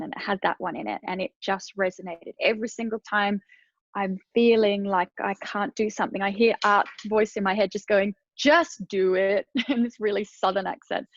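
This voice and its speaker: A woman talking as a podcast guest, giving earnest and animated advice in a casual interview. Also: medium pitch, dry recording, dull audio.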